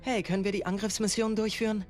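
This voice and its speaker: A voice actor doing a brisk, dismissive game character. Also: medium pitch, little pitch movement, darkish tone, soft background music, natural voice. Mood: impatient. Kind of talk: video game voice acting.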